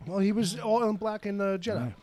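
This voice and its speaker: A man's voice: sits high, brisk, a little mellow. A man hosting a casual podcast from home, joking around while eating pizza. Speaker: podcast host. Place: home, kitchen nearby.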